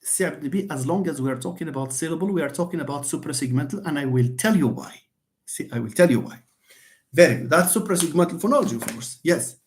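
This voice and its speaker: Here a male linguistics lecturer, lively in pitch, moves at a quick pace through a live online lecture on phonetics. Friendly with his audience, he greets viewers by name, and he repeats key ideas while raising and answering his own questions.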